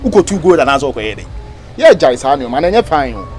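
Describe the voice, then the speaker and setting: An actor playing a friend who scolds and lectures insistently, with a Ghanaian accent. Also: male voice, medium pitch, big pitch swings, fast talker, darkish tone, faint music behind, natural voice. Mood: scolding. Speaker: friend giving advice. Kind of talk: Ghanaian comedy film acting.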